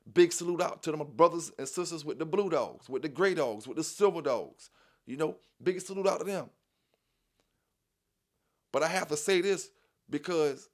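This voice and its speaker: A man with a fairly high voice lectures his viewers about dogs in loose street talk. He repeats himself for emphasis and keeps dropping "you know what I'm saying" between points. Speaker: dog news channel host. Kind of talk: casual monologue to viewers.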